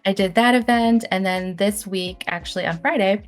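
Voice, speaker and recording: A woman's voice: medium pitch, moderate pace, soft background music. A young woman answering interview questions in a chatty, rambling way, correcting herself as she goes. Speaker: guest, calligraphy business owner. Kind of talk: casual interview.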